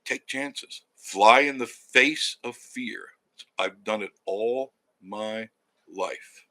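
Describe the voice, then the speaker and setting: A man's voice: fairly low pitch, drawn-out words, bright, forceful tone. A man in his sixties from Long Island, hosting a travel channel, telling a rambling personal story in a casual monologue and chuckling as he goes. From Long Island, New York. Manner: rambling, anecdotal, chuckles as he tells it.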